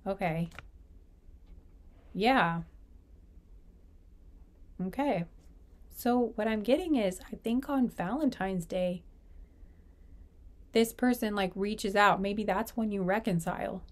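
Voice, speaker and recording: Woman tarot reader, casual and rambling, leans on fillers, mid-pitched voice. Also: slow pace, pauses often. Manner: rambling, filler-heavy talk full of "like" and "you know". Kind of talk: casual pick-a-card tarot reading.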